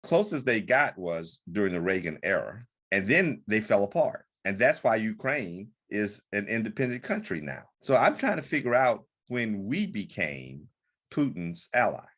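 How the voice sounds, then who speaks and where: A man's voice: fairly low pitch, very animated, moderate pace, a bit bright. A man co-hosting a podcast, talking politics in an earnest, emphatic way with frequent restarts. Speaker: podcast co-host. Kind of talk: political discussion.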